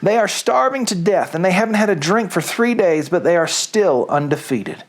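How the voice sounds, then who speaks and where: Man doing a tired southern daddy fox, gentle and steady. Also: high voice, normal speed, voice pushed up. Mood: weary. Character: weary father fox, tender and resolute.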